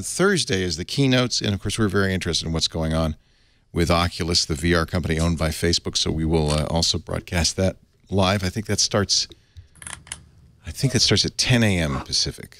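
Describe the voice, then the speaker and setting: A man hosting a tech talk show in a studio, chatty and animated. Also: a little hiss or hum. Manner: animated, chatty, jumps in pitch. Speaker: host. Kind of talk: casual tech panel chat.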